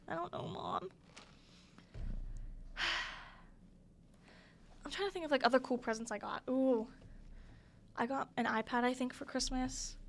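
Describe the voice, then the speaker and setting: A young woman with a fairly high voice tells holiday stories on her podcast. She talks in a casual, giggly way and leans on fillers as she goes. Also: a bit bright, a little hiss or hum. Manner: chatty, giggly, lots of "like" fillers. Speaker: podcast host. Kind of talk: casual storytelling monologue.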